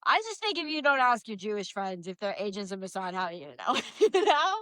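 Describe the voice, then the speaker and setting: Bright, lively Canadian woman. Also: mid-range voice, fast talker, dry recording. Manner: wry, understated, laughing. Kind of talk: casual comedic chat.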